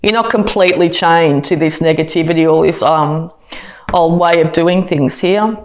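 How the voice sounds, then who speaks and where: A woman's voice: on the low side, normal speed, slight background noise. A woman giving a casual tarot reading, chatty and full of fillers and restarts. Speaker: tarot reader.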